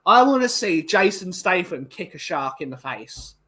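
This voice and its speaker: Guy, young, high bright voice, loose opinionated chat to his viewers. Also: sing-song, moderate pace. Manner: rambling, opinionated, many restarts. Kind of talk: casual chat.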